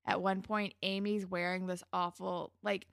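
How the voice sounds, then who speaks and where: A woman's voice: on the low side, little pitch movement, gravelly, no echo, studio quality. A woman co-hosting a casual chat, recapping a TV episode and laughing often. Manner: chatty, laughs often, quotes characters in quick asides. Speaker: podcast co-host.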